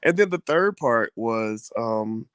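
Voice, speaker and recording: A man in casual conversation, talking in an animated way with frequent restarts and blunt slang. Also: medium pitch, slow pace, smooth, dry recording. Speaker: co-host. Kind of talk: casual chat.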